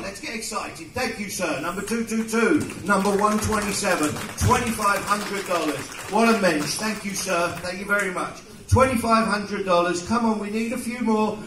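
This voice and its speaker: An English man working as a charity auctioneer, coaxing bids with jokes and rapid-fire calls at a live fundraiser. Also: sits high, noisy background. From England. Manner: joking, coaxing, rapid-fire bid calling. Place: event hall with an audience. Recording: echoey hall from far off.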